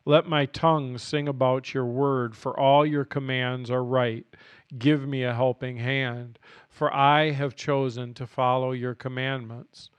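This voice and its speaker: Man reading scripture, voice going hoarse. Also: mid-range voice, flat delivery, no room sound. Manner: earnest, unhurried reading, apologetic asides. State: scratchy throat, voice going. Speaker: Bible reading podcast host. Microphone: studio mic.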